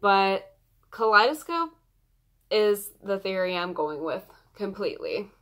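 A young woman vlogging in a casual chat, gushing excitedly as a fan. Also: mid-range voice, unhurried.

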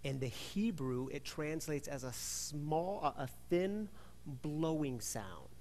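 Male pastor, slightly high voice, animated storytelling sermon, long church reverb. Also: slow pace, a little hiss or hum. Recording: reverberant hall.

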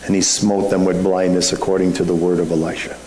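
A deep, mellow male voice preaches quickly with little pitch movement. The pastor keeps his sermon conversational and leans on rhetorical questions, recorded in a reverberant church sanctuary with a faint hum behind him.

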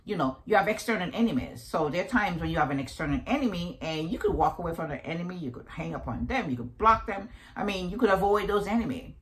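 A woman in her fifties with a deep voice, giving a preachy, animated motivational talk grounded in faith and repeating affirmations. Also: quick pace, hardly any pauses, rough recording. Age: 50s. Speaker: motivational vlogger.

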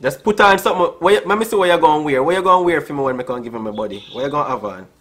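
Rapid-fire and expressive, a Jamaican man with a fairly high, bright voice hosts a laid-back vlog. He teases and flirts with people on a video chat app, lapsing into patois and calling them all "bro."

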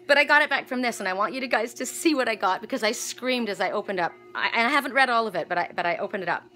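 Gushing, bright-voiced middle-aged woman. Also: fairly high pitch, lively intonation, very fast, faint music behind, poor audio. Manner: effusive, rambling, full of restarts and gushing exclamations. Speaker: vlogger and spiritual reader. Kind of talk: casual chat to camera, opening a gift.

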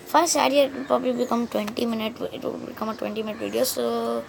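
A woman with a fairly high voice chats casually through a gaming video, rambling and often losing her thread. A faint hiss of noise sits under her voice. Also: fairly even intonation, fast, vocal fry, rough recording. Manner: rambling, many restarts, loses track of the story. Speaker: gaming channel host. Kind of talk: casual gaming commentary and story retelling.

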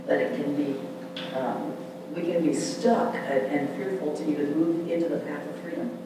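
Male pastor preaching, animated call-and-response delivery, slightly high voice, picked up from a distance in a booming church hall with audible room noise. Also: normal speed. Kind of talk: sermon. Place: large church sanctuary. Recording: echoey hall from far off.

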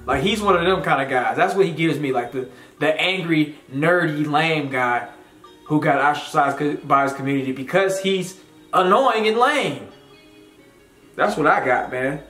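A blunt, scornful man ranting in casual commentary, his voice sitting a bit high for a man. His talk rambles and circles back on itself. The room is echoey, with faint music underneath. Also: normal speed, sharp tone. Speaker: commentary channel host.

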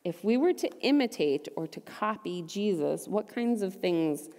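Woman, young adult, children's ministry leader, upbeat, gentle questions, sing-song pitch, long church reverb. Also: expressive, unhurried. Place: church sanctuary.

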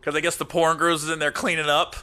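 A man's voice: on the high side, flat delivery, fast, bright, forceful tone, clean tone. A man hosting a comedy podcast, joking, swearing and laughing a lot in casual chat.

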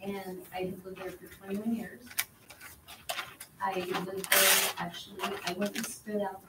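A woman's voice: mid-range voice, little pitch movement, measured pace, heavy background noise. Woman, middle-aged, public comment, emotional, pleading, echoey hall, distant mic. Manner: emotional, pleading, voice rising when upset. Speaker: resident speaking at public hearing. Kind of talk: public comment at a council meeting. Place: council chamber.

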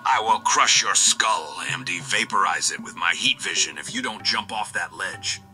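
A man's voice: deep voice, normal speed, bright, forceful tone, soft background music. A synthetic male text-to-speech voice playing an arrogant, menacing superhero who makes cold threats. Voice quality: synthetic AI chatbot voice. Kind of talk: text-to-speech character chatbot.

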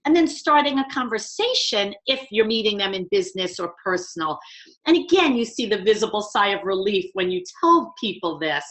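Woman, New York accent, communication trainer, emphatic, animated, webinar talk. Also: mid-range voice, normal speed. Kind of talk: webinar conversation.

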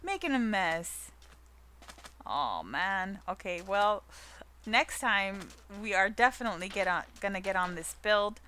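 Bubbly young woman with a bright, lively voice. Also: unhurried, slight background noise. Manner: bubbly and playful, coos at her pet in a high baby-talk voice. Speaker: gaming channel host. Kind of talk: casual gameplay commentary.

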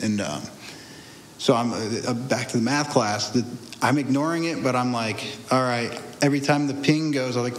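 A man's voice: medium pitch, normal speed. A young man telling his own testimony in a candid, rambling conversational way, often restarting and laughing through hard memories. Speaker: guest sharing a testimony. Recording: echoey room with faint ambience.

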